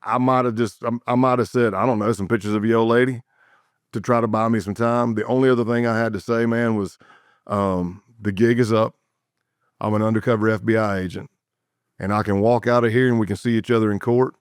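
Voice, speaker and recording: A man's voice: lowish voice, no room sound, studio quality. A man who was once an undercover agent tells his stories in a podcast interview, vividly and with sound effects and repeated words. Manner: vivid, animated storytelling with sound effects and repetitions.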